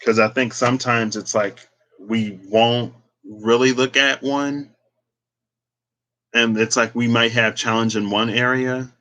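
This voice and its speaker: A man's voice: medium pitch, steady tone, slow, a bit bright. A man giving a casual, reflective talk on spirituality and tarot, meandering with many fillers as he thinks aloud. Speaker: tarot reader.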